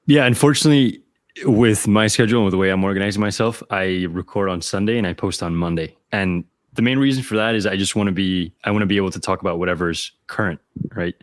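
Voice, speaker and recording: A man hosting an interview, asking questions in a quick, eager, agreeable way. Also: low voice, no room sound, clean studio sound. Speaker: podcast host, interviewer. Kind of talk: casual interview chat.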